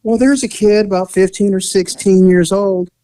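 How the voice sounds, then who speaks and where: A man's voice: sits high, steady tone, normal speed, warm tone, smooth, dry recording. A man who was a police officer, casually telling a story and acting out voices and sound effects.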